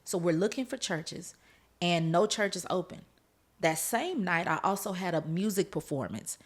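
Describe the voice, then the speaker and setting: Speaking at a normal speed with lively intonation, a woman hosting a podcast recounts her own testimony to her audience. Her voice is slightly low, and she sounds earnest and emotional, with laughter breaking through the tense stretches.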